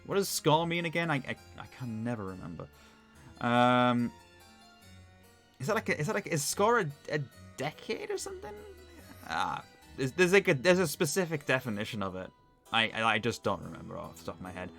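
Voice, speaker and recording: A man with a Northern English accent commenting casually on a game playthrough, chatty and quick to laugh, with faint music behind. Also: medium pitch, sing-song, gravelly, a bit bright. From north of England. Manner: chatty, laughs often, self-deprecating. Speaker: streamer.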